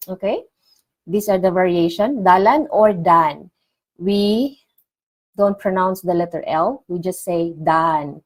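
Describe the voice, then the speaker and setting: A woman teaching vocabulary in a casual online lesson, repeating each word clearly for learners. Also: medium pitch, rough recording. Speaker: language teacher.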